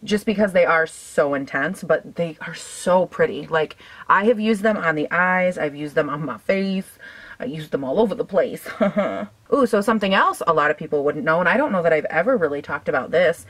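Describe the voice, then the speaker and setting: A woman's voice: sits low, lively intonation, normal speed, a bit bright. A young woman in her twenties chatting casually while doing her makeup, filling her talk with "like" and "um" and laughing often. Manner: chatty, giggly, lots of "like" and "um". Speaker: beauty vlogger.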